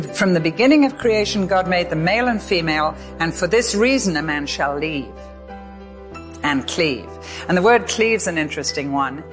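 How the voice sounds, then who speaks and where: An older woman giving a sermon, telling a story with expressive voices for the people in it. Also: fairly low pitch. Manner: expressive storyteller, acts out voices in her stories. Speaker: Bible teacher.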